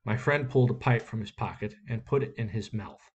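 A man reading a short story aloud in a steady, measured way. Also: mid-range voice, breathy edge. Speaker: reader.

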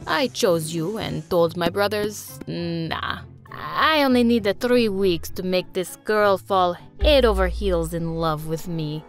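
A woman's voice: fairly low pitch, slow, soft background music, pitched below the performer's own voice. A woman putting on a cocky young Italian guy. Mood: smug.

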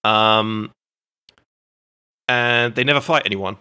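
A man's voice: lowish voice, takes it slowly, bright, forceful tone, smooth. A man hosting a casual podcast chat, telling anecdotes and swearing freely. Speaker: podcast host.

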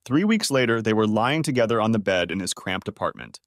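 Guy reading a drama audiobook, expressive, lively pitch, dry close sound. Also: fairly quick, no room sound. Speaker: audiobook narrator. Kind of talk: scripted story narration.

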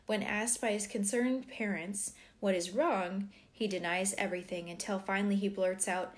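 A woman's voice: mid-range voice, steady tone, moderate pace, few pauses. Woman reading aloud a parenting book. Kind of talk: reading aloud with personal asides.

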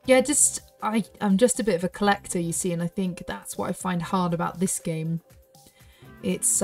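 A woman chatting casually as she plays a horse game, thinking aloud with giggly asides. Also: mid-range voice. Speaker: gaming YouTuber. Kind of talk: casual gameplay commentary.

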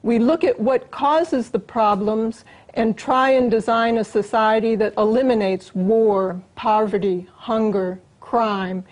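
A woman, a guest on an interview show, explaining her views in an earnest, steady conversational way with small restarts. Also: a little high, slow pace, low-quality recording. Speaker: interview guest, longtime collaborator.

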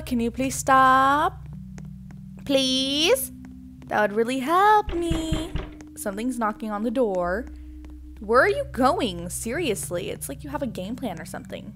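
A young woman commentates her gameplay with a bright, forceful voice that bounces all over its range, sassy and theatrical. She talks in an unhurried way, drawing her words out for effect. Faint music plays under her voice. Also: high-pitched, animated. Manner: playful, dramatic, sassy, talks to the viewers. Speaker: gaming streamer.

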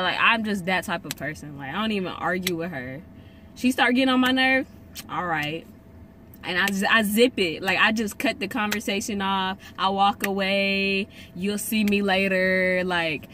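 A woman's voice: medium pitch, expressive, fairly quick, pushed and bright, slight background noise. A young woman telling a story to camera in a casual vlog, emphatic and slangy, often repeating herself for stress. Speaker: vlogger.

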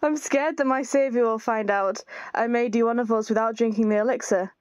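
A woman's voice: on the high side, steady tone, fairly quick, clean tone, dry recording, lightly acted. Woman reading as an anxious, pleading young man. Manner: pleading, apologetic. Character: anxious, self-blaming devoted young man. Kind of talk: reading game chat lines aloud.

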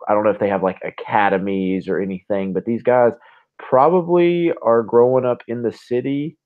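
A man co-hosting a casual podcast chat, talking haltingly and repeating words as he thinks. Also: mid-range voice. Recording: tinny phone-like line.

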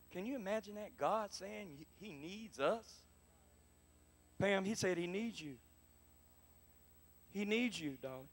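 A man preaching a prophetic sermon to a congregation in a church, calling for responses and repeating his lines, dropping to soft murmurs and then rising to loud exclamations. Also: sits high, animated, a little slow, long pauses. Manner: emphatic, repetitive, swings between soft murmurs and loud exclamations. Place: church sanctuary.

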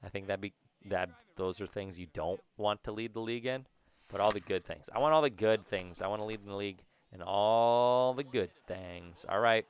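A young man from Southern California giving casual, jokey commentary over a baseball video game, breaking into yelps and shouts. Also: fairly low pitch, normal speed, a little hiss or hum. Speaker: gaming YouTuber.

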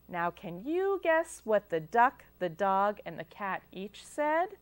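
A woman's voice: medium pitch, very animated, slow pace, few pauses, no echo. A woman reading picture books aloud to children at a library storytime, sing-song and asking them questions. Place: public library. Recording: local cable TV taping.

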